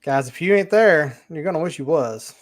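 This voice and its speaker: A man's voice: on the high side, animated, normal speed. A man co-hosting a casual livestream, easygoing and joking. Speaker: co-host.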